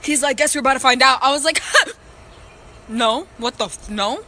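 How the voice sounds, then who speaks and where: High, bright young-sounding woman, slangy. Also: normal speed, a little hiss or hum. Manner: lively, slangy, swears. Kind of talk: casual storytelling.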